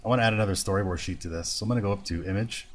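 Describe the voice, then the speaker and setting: Low-voiced man teaching animation. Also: very fast. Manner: relaxed, thinking aloud step by step. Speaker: animation instructor. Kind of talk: screen-recorded software tutorial.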